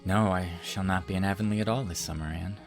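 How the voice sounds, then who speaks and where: A young man playing a devoted, sincere suitor in an audiobook, speaking quietly and with restraint. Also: sits low, steady tone, quick pace, soft background music. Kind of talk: audiobook character reading.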